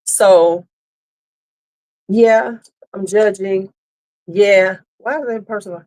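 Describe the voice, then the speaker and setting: Woman host, casual livestream chat, blunt, swears, answers the chat, middle pitch. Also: slow pace, long pauses, a little mellow. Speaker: beauty channel host.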